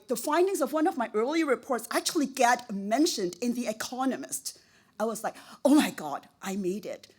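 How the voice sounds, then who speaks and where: Middle-aged woman, higher voice, heartfelt self-mocking acceptance speech, stacks "really" for emphasis. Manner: effusive, repeats words for emphasis; laughs at herself, emotional. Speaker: award recipient, professor.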